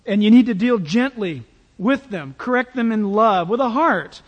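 A male pastor preaching a sermon in a church, in a conversational, animated way with playful asides. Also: high-pitched, moderate pace, long reverb tail, highs cut off.

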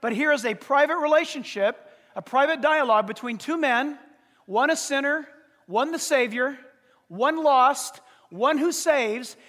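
A man with a strikingly high voice preaches a sermon, driving each point home with emphasis. He poses rhetorical questions and works through numbered arguments. His voice rings with the long reverb of a large hall. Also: unhurried, a bit bright. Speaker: pastor.

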